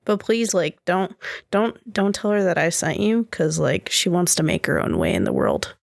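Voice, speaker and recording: A woman chats casually as a podcast guest. Her humor is dry and self-deprecating, and she delivers jokes flatly. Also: lowish voice, normal speed, creaky. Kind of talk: casual chat.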